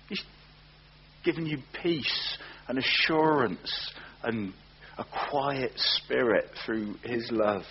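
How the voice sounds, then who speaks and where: A man preaching a sermon, earnest, often slowing down and repeating words for emphasis. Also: medium pitch. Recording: dull lo-fi recording with faint hum.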